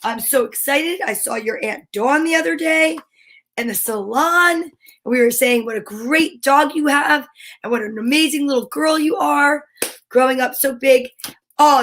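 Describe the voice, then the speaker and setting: A woman's voice: sits high, normal speed, fairly bright tone. A woman hosting a live-stream show, chatting bubbly with viewers and greeting them by name. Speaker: host. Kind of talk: casual live-stream chat.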